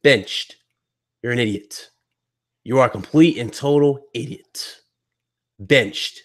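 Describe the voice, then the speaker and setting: A man's voice: mid-range voice, slow. A male gaming podcast host ranting to his live chat in a heated, blunt and mocking way. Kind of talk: live stream rant to chat.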